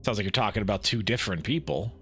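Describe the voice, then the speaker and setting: Guy streaming a game and reading all the lines out loud, bouncy voice, bright sound. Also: on the low side, breathy edge, soft background music. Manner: animated, laughs often, quick asides. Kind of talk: live game playthrough, reading dialogue aloud.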